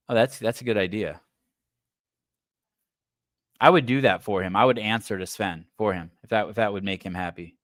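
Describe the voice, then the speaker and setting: A man's voice: lowish voice, moderate pace, pauses often, a bit bright, no echo, clean studio sound. A man hosting a podcast in a casual livestream chat, riffing in a rambling, profane way with stammered restarts. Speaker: podcast host.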